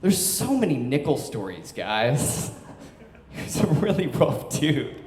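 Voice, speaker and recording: A man's voice: mid-range voice, big pitch swings, takes it slowly, a little mellow, slight background noise. A young man in his twenties telling a story on stage, loose and chatty, full of "like" and laughs. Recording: echoey hall.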